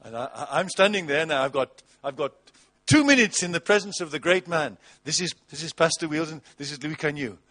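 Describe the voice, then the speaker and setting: A man delivers a sermon in a high voice. He is animated, mocks with put-on voices, and moves between loud bursts and soft asides. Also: brisk. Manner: animated, mocking with put-on voices, wide swings in loudness. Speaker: pastor.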